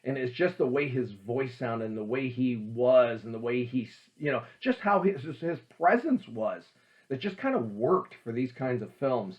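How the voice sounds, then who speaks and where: A man hosting a casual talk about old horror films, emphatic and animated, with many fillers. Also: medium pitch, moderate pace, muffled recording. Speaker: host.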